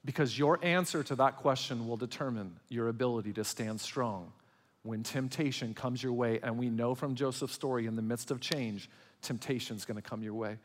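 A man preaching a sermon as pastor, swinging between loud emphatic passages and quiet, intimate ones. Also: mid-range voice, normal speed. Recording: long hall reverb.

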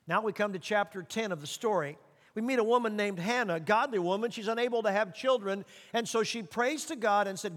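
A man with a high, light voice delivers an earnest sermon, slowing down when he reads scripture aloud. His words ring out with a long reverb through a church sanctuary. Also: fairly bright tone. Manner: earnest, slows for scripture and repeats for emphasis. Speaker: pastor.

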